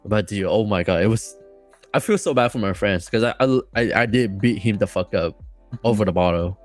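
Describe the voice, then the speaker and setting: رجل يروي قصة بحماس وثرثرة. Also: male voice, fairly low pitch, moderate pace, soft background music. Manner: rambling, excited, with many fillers and restarts. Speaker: podcast guest. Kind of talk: casual storytelling.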